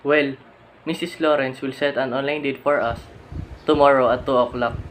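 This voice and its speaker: A man's voice: mid-range voice, steady tone, moderate pace, slight background noise, lightly acted, poor audio. A boy playing an earnest, hopeful Romeo. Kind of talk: amateur school play acting.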